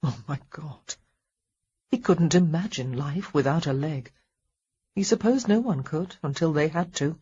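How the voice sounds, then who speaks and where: A woman narrating a historical romance audiobook in a calm, even storytelling manner. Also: deep voice, moderate pace, breathy edge, dull audio. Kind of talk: scripted narration.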